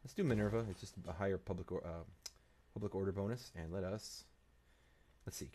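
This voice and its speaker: A man's voice: sits low, fairly quick, long pauses, warm tone, slight background noise. A man hosting a strategy game playthrough, thinking aloud and muttering to himself and the game as he plays. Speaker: let's play host.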